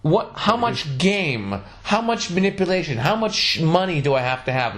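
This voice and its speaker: Animated, profane man telling stories. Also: on the high side, moderate pace. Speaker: podcast host. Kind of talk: casual podcast chat.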